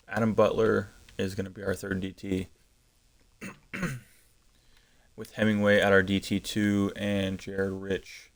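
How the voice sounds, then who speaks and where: A man on the low side with noticeable vocal fry streams a football video game. His live commentary is casual, thought out loud, and peppered with ums and self-corrections.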